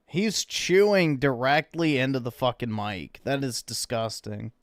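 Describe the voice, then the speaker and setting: A man chimes in on a casual stream chat with blunt, crude remarks. His voice is smooth and clear at a middle pitch. The sound is dry and close. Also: unhurried, no room sound.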